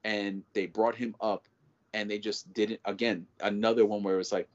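Low-voiced man ranting in casual chat. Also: moderate pace. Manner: animated, profane, rambling with many restarts. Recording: dull lo-fi audio.

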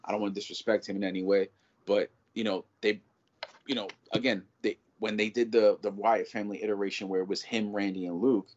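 Low-voiced man ranting in casual chat. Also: brisk. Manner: animated, profane, rambling with many restarts. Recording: dull lo-fi audio.

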